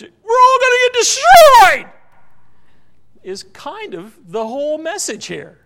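A man preaching a sermon, telling a story and asking the congregation questions. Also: high voice. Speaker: pastor.

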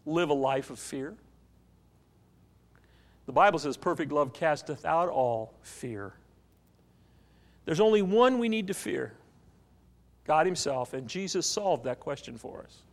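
A man's voice: on the high side, expressive, unhurried, pauses often. A man preaching a sermon, telling a story and asking the congregation questions. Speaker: pastor.

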